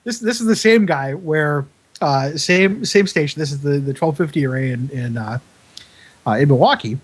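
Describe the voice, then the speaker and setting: A man's voice: on the high side, moderate pace, breathy edge. Rambling, chuckling man telling stories. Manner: rambling, many fillers and restarts, laughs at own story. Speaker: broadcast engineer guest. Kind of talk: casual storytelling.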